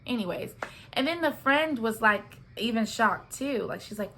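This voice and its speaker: A woman's voice: fairly high pitch, moderate pace, sharp tone, slight background noise. A young woman chatting casually through a reality TV recap, sassy and talkative, often checking in with "okay?" and "right?".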